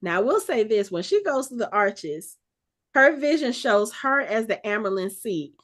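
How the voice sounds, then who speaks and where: A woman co-hosting a podcast, casually recapping a TV episode in an animated way and acting out the characters' lines as she goes. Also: a little high, moderate pace. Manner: animated, retells scenes with quoted lines. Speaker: podcast co-host. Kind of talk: casual show recap chat.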